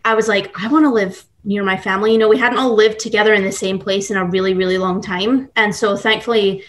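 A woman's voice: mid-range voice, fairly even intonation, quick pace, slight background noise. Chatty Scottish woman, upbeat. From Scotland and Texas. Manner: chatty and upbeat, many fillers. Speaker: guest, baker. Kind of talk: casual podcast interview.

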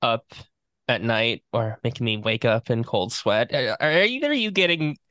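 A man's voice: medium pitch, expressive, moderate pace, bright, forceful tone, no room sound. A man co-hosting a casual podcast chat, rambling loosely and laughing often. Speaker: podcast co-host.

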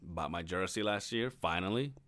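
A man's voice: sits low, normal speed, fairly bright tone, no room sound. A man co-hosting a casual podcast, telling a long story with lots of swearing and laughing as he goes. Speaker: podcast co-host.

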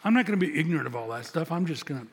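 Older pastor with a husky voice. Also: male voice, on the high side, lively intonation, rapid-fire. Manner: conversational, storytelling, acts out dialogue. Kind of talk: sermon. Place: church sanctuary. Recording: long reverb of a large hall.

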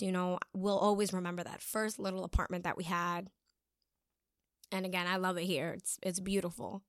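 A woman's voice: medium pitch, fairly bright tone, smooth, no echo, clean studio sound. A young woman talking casually, telling a personal story with lots of fillers and acted-out quotes. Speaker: speaker sharing a life lesson. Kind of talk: casual reflective monologue.

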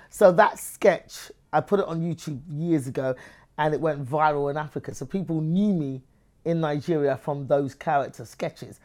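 Woman, English accent, comedian, interview guest, animated storytelling. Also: low-pitched, moderate pace. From England. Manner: animated, acts out other people's voices in her stories. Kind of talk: lively interview conversation.

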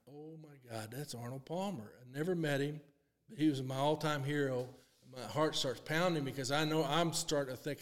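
Older guy in his 60s telling a story on a podcast, lively, does the voices, laughs a lot, long reverb on the room. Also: medium pitch. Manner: animated storyteller, acts out quotes, laughs often. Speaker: guest, long drive champion. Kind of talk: casual storytelling.

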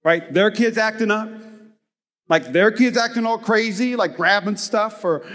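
A man in his thirties preaching a sermon as pastor, animated and joking, rising to shouts for emphasis. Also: sits high, measured pace. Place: church hall. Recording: reverberant hall.

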